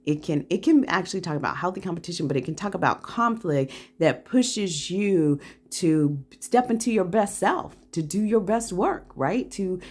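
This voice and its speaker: Low-voiced woman giving a calm tarot reading. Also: normal speed. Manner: reflective, often ends phrases with "right?". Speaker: tarot reader hosting a channel. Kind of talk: pick-a-card tarot reading.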